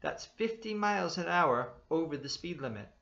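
A man's voice: medium pitch, fairly even intonation, normal speed, muffled recording, natural voice. A man reading a story aloud, voicing a stern, bullying motorcycle policeman who barks and snaps his questions. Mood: barking, stern. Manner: barking, sharp, snapping.

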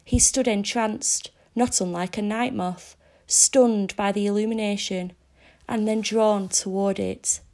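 A woman narrating a story aloud in a measured, descriptive reading. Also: medium pitch, steady tone, darkish tone.

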